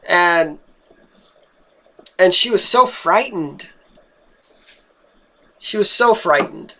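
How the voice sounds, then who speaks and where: A young man telling a personal story in an earnest, halting way, often repeating words and restarting. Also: high-pitched, bright, forceful tone.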